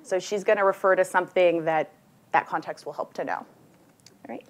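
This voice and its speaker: Woman presenter, lowish voice, chatty, lots of ums, talks straight to the audience. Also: moderate pace. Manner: casual and conversational, with many fillers and restarts, addressing the room. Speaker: forum presenter.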